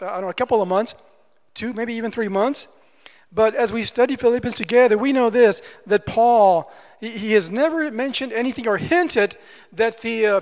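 High-voiced preacher in a reverberant hall. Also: male voice. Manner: emphatic, repeats phrases for stress. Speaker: pastor. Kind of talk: conversational sermon. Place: church. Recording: long church-hall reverb.

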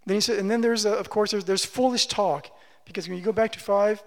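High-voiced preacher in an echoing hall. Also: male voice, fairly even intonation, fast. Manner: emphatic, repeats phrases, asks the congregation questions. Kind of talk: sermon. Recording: long reverb of a large hall.

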